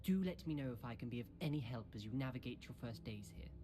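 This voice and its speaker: An actor playing a polite, refined young male student in a video game, courteous and measured. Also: mid-range voice, expressive, background noise, close to an everyday voice.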